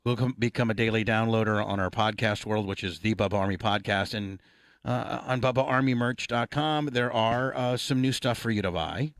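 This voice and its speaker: A man's voice: fairly low pitch, normal speed, fairly bright tone, no echo, studio quality. A middle-aged man hosting a radio talk show, blunt and profane in crude banter.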